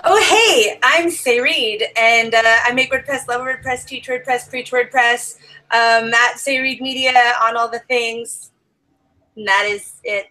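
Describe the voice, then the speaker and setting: A woman's voice: on the high side, steady tone, a little slow, pushed and bright, low-quality recording. A woman on a podcast panel, bubbly and playful as she introduces herself. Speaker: panel guest. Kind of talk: casual podcast chat.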